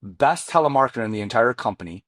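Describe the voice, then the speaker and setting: This is a man in his forties whose first language is not English. He tells a long personal story to a podcast host, casual and slangy, with lively pitch swings. His voice sits in a middle register and sounds dry and close. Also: quick pace, no echo. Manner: lively, acts out quoted dialogue with big pitch jumps. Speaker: podcast guest, mortgage loan officer. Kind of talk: animated storytelling in a podcast interview.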